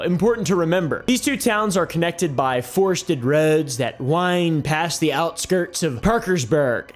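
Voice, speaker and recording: A man narrating a mystery story in a comedic style, with dramatic narration broken by jokey, swearing asides. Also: a little high. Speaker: YouTube storyteller.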